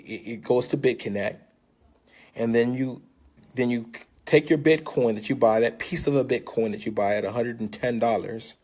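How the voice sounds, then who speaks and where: A man's voice: medium pitch, darkish tone. An older man talking into his phone camera in a casual vlog, coaxing and salesy, and often checking in with his listeners. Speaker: vlogger pitching an investment. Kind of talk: casual persuasive vlog talk.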